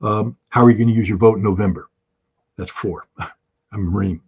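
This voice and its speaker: A man's voice: on the low side, steady tone, fairly quick, a little mellow, lo-fi sound, a little hiss or hum. A man in his sixties, a guest on a talk show, speaking urgently and emphatically, hammering his points and repeating key phrases over a video call. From United States. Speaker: guest commentator. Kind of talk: impassioned political talk.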